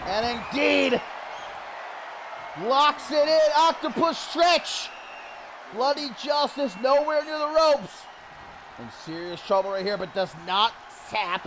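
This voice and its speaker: A man calling a wrestling match play by play, getting excited and shouting at the big moments. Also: high-pitched. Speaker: wrestling commentator. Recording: loud crowd and noise behind. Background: cheering crowd.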